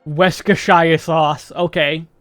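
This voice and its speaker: A man's voice: on the high side, fairly even intonation, takes it slowly, a bit bright, no room sound, faint music behind. An American man casually chatting and thinking aloud while streaming a game. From United States. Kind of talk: casual livestream chat while playing.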